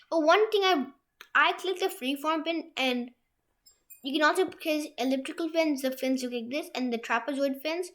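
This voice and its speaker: A young woman hosting a software tutorial from a room at home, talking it through in a rambling way with many restarts. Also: sits high. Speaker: tutorial host. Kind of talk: screen-share software tutorial.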